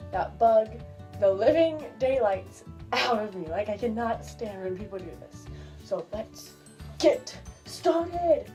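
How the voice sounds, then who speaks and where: Her voice sits on the high side with a warm tone. Vlogging in a chatty, exasperated way, she leans heavily on the filler "like."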